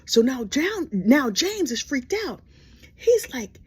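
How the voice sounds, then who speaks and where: A woman telling a gossip story in casual storytelling style, animated and sassy with dramatic asides. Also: sits high, slow pace, slightly rough.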